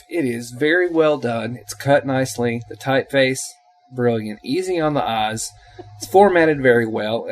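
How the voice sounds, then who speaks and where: A man's voice: medium pitch, measured pace. A man co-hosting a podcast in casual chat, talking with emphatic enthusiasm. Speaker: podcast co-host.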